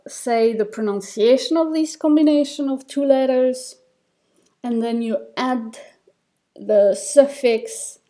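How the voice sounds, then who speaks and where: A woman giving a recorded reading lesson, taking each step slowly and patiently. Her voice sits a little high but sounds mellow and soft-edged. She pauses with fillers and restarts as she explains. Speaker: Tibetan reading teacher. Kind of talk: recorded lesson over slides.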